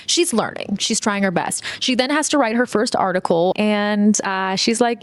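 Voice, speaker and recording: A woman's voice: medium pitch, sing-song, normal speed, creaky, few pauses, no room sound. A young woman hosting a casual film recap, chatty and full of sarcastic asides. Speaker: video host.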